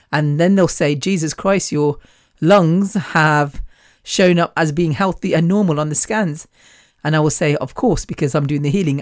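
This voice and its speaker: A woman's voice: fairly low pitch, no echo, clean studio sound. A woman hosting her own podcast, talking bluntly and defiantly in a chatty monologue, laughing often. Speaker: podcast host. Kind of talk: casual monologue.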